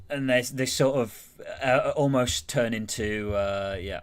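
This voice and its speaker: A low-pitched man with a Greater Manchester accent talks casually on a live stream. He rambles through his points, full of fillers and restarts. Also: slow, few pauses, smooth. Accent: Greater Manchester English. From Greater Manchester, England. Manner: rambling and chatty, with lots of fillers and self-corrections. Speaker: guest streamer.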